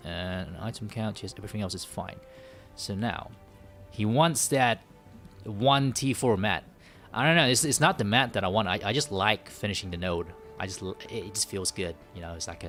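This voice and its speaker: Man, lowish voice, casual gaming livestream host, rambling, joking, many fillers, faint background music. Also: moderate pace, a bit bright. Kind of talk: casual live stream chat.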